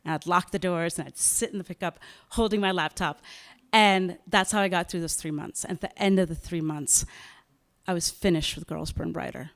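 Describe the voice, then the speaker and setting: A woman novelist tells a story at a live writers' event, animated and dramatic, acting out bits of dialogue. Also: fairly low pitch, normal speed.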